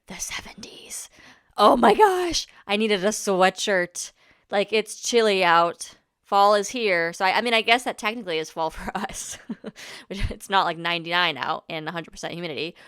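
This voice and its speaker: A woman's voice: on the low side, fairly bright tone, clear, resonant tone, no room sound, studio quality. Bubbly young woman chatting on her podcast. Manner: chatty and bubbly, rambling with restarts and little laughs. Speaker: podcast host. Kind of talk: casual solo podcast chat. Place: Orlando, Florida home.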